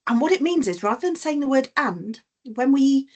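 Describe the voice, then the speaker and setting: A woman's voice: high-pitched, big pitch swings, normal speed, darkish tone. A woman teacher giving an online punctuation lesson, explaining patiently with examples over a video call.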